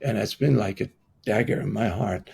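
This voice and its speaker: Fairly low in pitch, gravelly, mellow and slightly rough, this middle-aged man's voice carries a personal story he shares as a guest on a podcast. His delivery is halting and full of restarts, and he performs the voices of anyone he quotes.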